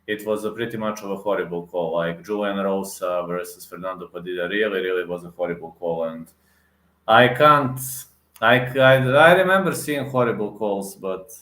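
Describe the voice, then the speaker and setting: A man with a fairly low voice rants heatedly to camera like an MMA reaction vlogger. He circles back to the same points and stresses them again. His voice carries a noticeable echo off the room. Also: moderate pace, a bit bright. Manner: repetitive, emphatic, many fillers and restarts. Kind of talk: heated casual rant to camera.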